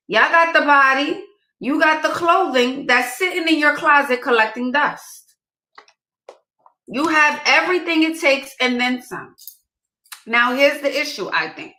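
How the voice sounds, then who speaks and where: A woman's voice: high-pitched, expressive, unhurried, pushed and bright. A woman giving casual dating advice to her viewers, emphatic and repeating her key points. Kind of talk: casual direct-to-camera advice. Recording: roomy echo.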